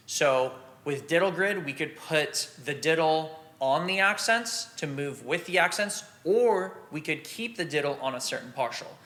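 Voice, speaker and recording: A man teaching drum rudiments in a relaxed, practical way, sometimes scatting the rhythms aloud. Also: a little high, unhurried, few pauses. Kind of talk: instructional explanation.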